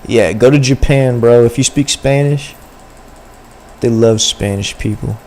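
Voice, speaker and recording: A man's voice: mid-range voice, a little slow, a little mellow. A young man livestreaming, chatting casually and rambling in slang to his viewers. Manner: rambling, slangy, talks to chat. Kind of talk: casual stream chat.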